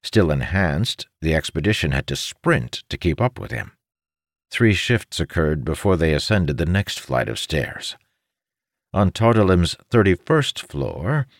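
A man narrating a fantasy audiobook in a measured, expressive storytelling manner. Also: deep voice, no echo, clean studio sound.

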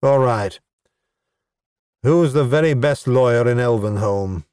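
A sly, scheming goblin chieftain, put on by a male reader speaks in a dry, wry and exasperated way. The storybook delivery is unhurried, with no room sound around it. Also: medium pitch, darkish tone, clear, resonant tone, no room sound, close to an everyday voice. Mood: sardonic.

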